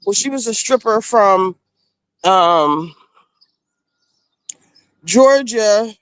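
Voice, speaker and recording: A woman's voice: mid-range voice, lively intonation, drawn-out words, dry recording. Blunt gossipy woman on a phone stream. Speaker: streamer recapping a reality show. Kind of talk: casual live-stream chat.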